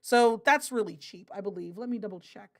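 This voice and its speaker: A woman hosting a casual live stream, reading out viewer chat in a chatty, rambling way, often apologizing and breaking into loud, excited bursts. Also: medium pitch, a little fast. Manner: apologetic and rambling, with many fillers.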